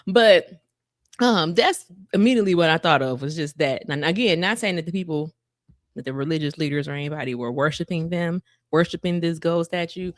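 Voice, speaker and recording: Woman podcaster, lowish voice, dry close sound, loose slangy bible retelling, keeps repeating herself. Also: fairly quick, no room sound. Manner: drawls, repeats and restarts lines. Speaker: podcast co-host. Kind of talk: casual faith podcast chat.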